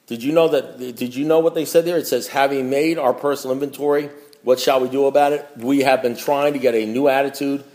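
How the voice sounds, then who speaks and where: A man's voice: steady tone, a little fast. A man giving a blunt, emphatic talk at a recovery meeting, reading from a book and repeating himself for emphasis. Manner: swings between low asides and loud preaching.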